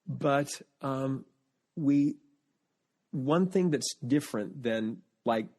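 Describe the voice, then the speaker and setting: Very slow and medium in pitch, this podcast guest relays family anecdotes with animation in a relaxed chat. He often breaks off and restarts sentences while groping for words.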